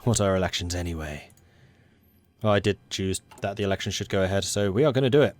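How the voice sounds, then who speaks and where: An excitable young Englishman rambling through commentary on a strategy game he is playing. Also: low-pitched, quick pace. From England. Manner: excitable and rambling, self-described hyper. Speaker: let's play host. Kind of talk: gaming commentary.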